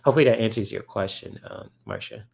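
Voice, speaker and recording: A man hosting a relaxed livestream, reading viewers' chat and answering them. His voice sits low with a gravelly fry, and he talks in loose, rambling runs full of fillers. He sounds eager and chatty about the subject. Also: quick pace. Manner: rambling, filler-heavy, enthusiastic about comics.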